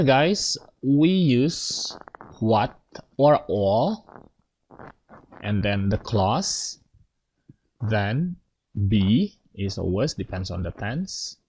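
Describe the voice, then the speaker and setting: A man's voice: on the low side, animated, extremely slow, long pauses, a little mellow, breathy edge, poor audio. A man teaching an English grammar lesson, explaining step by step and checking in with his students.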